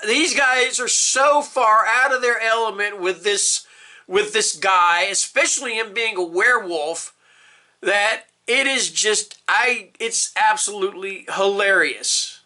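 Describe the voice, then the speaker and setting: Bright-voiced, rambling man reviewing books. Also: sits high, takes it slowly. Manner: rambling, emphatic, frequent "all right?" and "okay?" checks; openly emotional, swears. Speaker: book reviewer. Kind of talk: casual booktube tag video.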